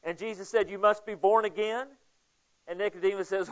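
A man's voice: high voice, steady tone, a little fast. A man preaching a casual, conversational Bible study sermon, asking listeners questions by name. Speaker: pastor. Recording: dull lo-fi sound.

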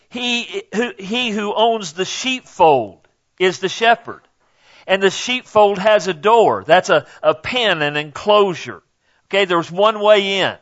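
A man's voice: sits high, a bit bright, dull audio. An older man preaching a sermon in a folksy, conversational way, speaking directly to the congregation. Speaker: pastor.

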